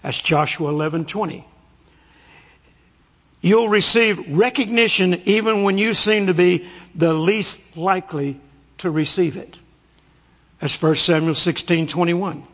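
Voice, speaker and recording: A man's voice: high voice, measured pace, long pauses, a bit bright. A man preaching a sermon, telling stories with folksy humor, in an echoey, muffled recording. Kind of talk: storytelling sermon. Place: large hall, speaking to an audience.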